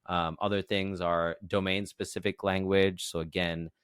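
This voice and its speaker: A man's voice: low-pitched, flat delivery, moderate pace, fairly bright tone, smooth, no room sound, studio quality. A man co-hosting a podcast, explaining ideas patiently in a casual chat, often checking in with "right?" and "you know". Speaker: podcast co-host.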